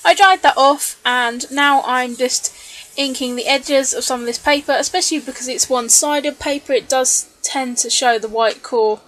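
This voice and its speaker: A woman narrating a scrapbooking video in voice-over, chatty and relaxed, with frequent ums and small laughs, a little tired late at night. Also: high voice, normal speed. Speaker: scrapbooking vlogger. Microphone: voice-over recorded separately from the video.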